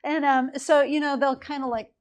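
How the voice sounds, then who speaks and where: A woman's voice: high voice, steady tone, normal speed. A woman lecturing a chemistry class in a casual, explanatory way, with a few fillers as she goes.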